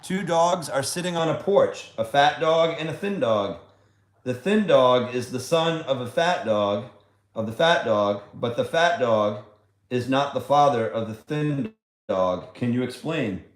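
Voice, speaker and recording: A man's voice: mid-range voice, lively intonation, a little slow. A man hosting a casual trivia livestream from home, chatty, fond and coaxing as he talks. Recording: echoey room.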